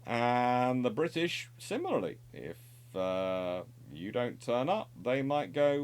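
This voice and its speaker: A man's voice: mid-range voice, sing-song, slow, clean tone. A middle-aged man presenting naval history in an unscripted, discursive explanatory monologue. He corrects himself often and adds wry asides.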